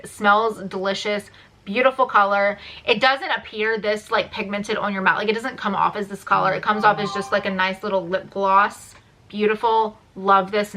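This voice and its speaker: Bright-voiced chatty young woman vlogger. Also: mid-range voice, poor audio. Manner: rambling, animated, swears casually. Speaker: beauty vlogger. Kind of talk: casual chatty makeup review.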